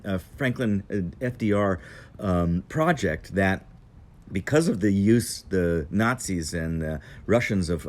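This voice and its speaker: A man's voice: low voice, a little mellow. A man telling a casual, meandering travel story on an outdoor patio. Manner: meandering, digressive, unhurried.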